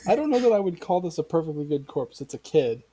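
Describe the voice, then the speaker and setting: A man running a tabletop game as game master, narrating in a measured way with fillers. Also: fairly high pitch, sing-song, a crowd in the background, low-quality recording.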